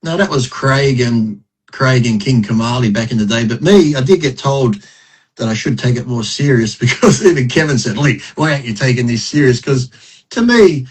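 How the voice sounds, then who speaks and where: A middle-aged man with a husky, mid-pitched voice, talking as a podcast guest. His stories come out blunt and profane, and he is quick to laugh at himself. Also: expressive, poor audio. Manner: blunt, profane, self-mocking. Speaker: podcast guest, retired bodybuilder. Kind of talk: casual interview storytelling.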